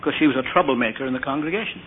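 A man's voice: medium pitch, very fast. A man preaching an earnest, anecdotal sermon, putting questions to his listeners. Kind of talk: storytelling sermon. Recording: tinny lo-fi recording with faint hiss.

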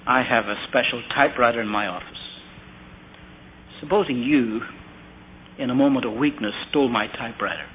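A man's voice: mid-range voice, moderate pace, long pauses. A man preaching an earnest, anecdotal sermon, putting questions to his listeners. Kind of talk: storytelling sermon. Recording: tinny lo-fi recording with faint hiss.

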